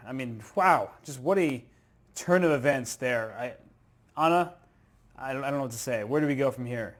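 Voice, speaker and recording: A man commentating live chess, excitable and thinking aloud through move sequences. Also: mid-range voice, moderate pace.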